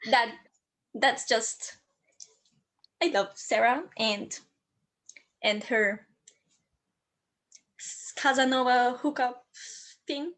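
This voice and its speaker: Slow, hesitant German-native woman. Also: on the high side, fairly bright tone. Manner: hesitant, searching for words. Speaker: podcast co-host. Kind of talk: casual podcast chat.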